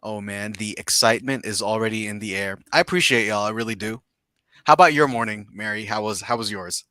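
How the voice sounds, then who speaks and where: A man with a lowish but bright voice co-hosts a live stream, chatting playfully and restarting his sentences often. The recording is dry and close to the mic. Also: dry recording. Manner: playful, jokey, halting with restarts. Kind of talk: casual chat.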